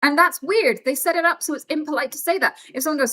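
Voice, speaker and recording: A woman's voice: sits high, fast talker, fairly bright tone. A young woman streamer in casual livestream chat, talking in a blunt, frank and exasperated way.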